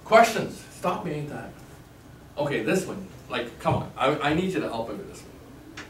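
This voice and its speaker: Speaking at a normal speed with a fairly high pitch, this male sales trainer runs a negotiation seminar for a live class in a training room. His animated lecture mixes storytelling with acted-out phone lines, captured in an echoey space by a distant mic with faint noise.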